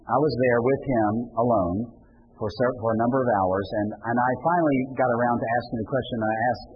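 A male pastor preaching a sermon, impassioned and rising in pitch and volume when he quotes pleading words. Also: husky, dull audio.

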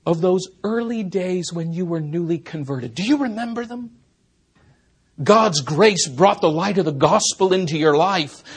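A man preaching an expository sermon as a pastor, earnest, rising to emphatic peaks and then dropping soft. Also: sits high, unhurried, breathy edge.

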